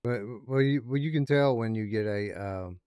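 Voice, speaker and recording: A man's voice: mid-range voice, darkish tone, clean tone, no room sound, studio quality. A man co-hosting a podcast, chatting casually through a game review and stopping to restart his sentences. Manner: halting, with many fillers and restarts. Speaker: podcast co-host.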